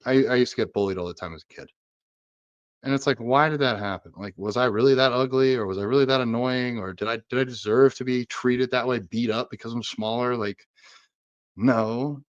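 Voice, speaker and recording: A man's voice: lowish voice, muffled recording. A man co-hosting a podcast, talking casually and searching aloud for examples as he rambles. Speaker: podcast co-host.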